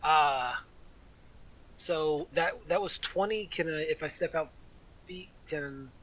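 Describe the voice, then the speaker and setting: Bright-voiced man playing a tabletop game. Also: on the high side, low-quality recording. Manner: halting, asks many rules questions. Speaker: player, war cleric.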